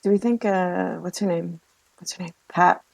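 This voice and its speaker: A player with a gravelly, fry-heavy voice teases the table at a tabletop game, prodding the others to act. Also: medium pitch, steady tone, normal speed. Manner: teasing, prodding. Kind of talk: casual tabletop game chat.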